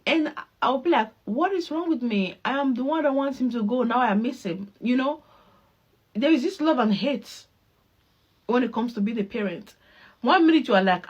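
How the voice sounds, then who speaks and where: A woman's voice: on the high side, moderate pace, breathy edge. A woman and mother casually telling a story, acting out her own lines and laughing often. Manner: animated, acts out dialogue, laughs often. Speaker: mother reacting to a clip.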